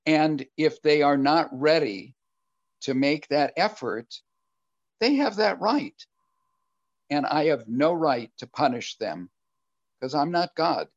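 An older man answers questions at a recovery meeting, speaking slowly and earnestly. He pauses and restarts as he thinks, in an even middle voice. The recording is dry and dull, with a lo-fi sound. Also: fairly high pitch, no echo. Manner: earnest, reflective, halting. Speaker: guest speaker.

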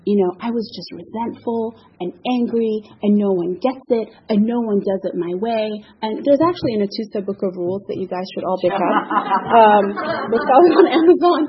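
A woman's voice: medium pitch, animated, normal speed. Middle-aged woman, recovery meeting share. Candid, self-mocking testimony; dull recording with light hiss. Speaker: speaker sharing at a recovery meeting. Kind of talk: personal testimony.

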